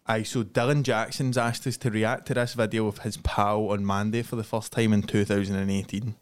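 A man's voice: on the low side, level tone, fairly quick, smooth. A man with a Scottish accent, co-hosting a podcast and telling sweary stories with laughs. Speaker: podcast co-host. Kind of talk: casual chat.

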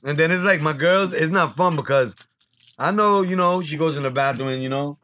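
A young man hosts a crude, casual podcast chat. He tells profane stories and acts out the lines of the people in them. His voice sits a little high, and a faint hiss runs under it. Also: brisk, sharp tone. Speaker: podcast host.

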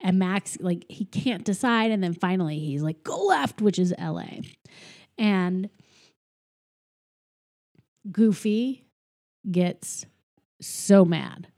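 A woman's voice: fairly low pitch, slow pace, long pauses. A woman in casual chat, animatedly retelling a film scene by scene, acting out the characters' lines and saying "like" a lot. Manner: animated retelling, acts out quoted lines, frequent "like". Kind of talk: casual movie recap chat.

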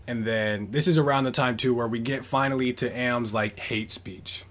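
A man's voice: mid-range voice, fairly even intonation, normal speed, fairly bright tone, a little hiss or hum. A man hosting a podcast, talking through a story in a casual, rambling way, full of "like" fillers. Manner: rambling, heavy use of "like" fillers. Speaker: podcast host. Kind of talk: casual book discussion.

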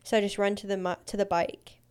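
A woman co-hosting a podcast, telling a story in a casual, animated way, with lots of "like". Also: mid-range voice, clean tone. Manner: animated, fast anecdotes full of "like". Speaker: podcast co-host.

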